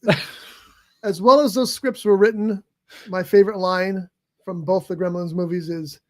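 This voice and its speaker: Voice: medium pitch, fairly even intonation, normal speed. A co-host chatting casually, reminiscing and laughing often. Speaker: podcast co-host. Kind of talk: casual chat.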